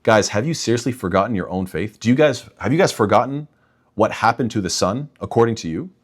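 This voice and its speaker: A man's voice: lowish voice, animated, fairly quick. A young man talking straight to his listeners in an emphatic religious rebuttal, often calling them "guys". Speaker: imam and apologetics speaker.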